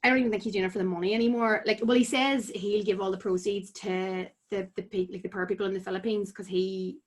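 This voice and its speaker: A woman's voice: medium pitch, steady tone, fast. Casual chat, northern irish girl, lots of likes, just talking easy. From Tyrone, Northern Ireland. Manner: chatty, full of "like" fillers. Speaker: podcast guest, amateur boxer.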